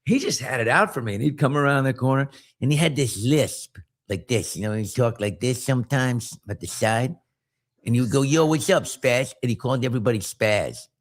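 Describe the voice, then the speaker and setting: A man's voice: medium pitch, fairly quick. A middle-aged man, a podcast host, telling a story in casual chat and acting out voices in it. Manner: animated, acts out voices in his stories.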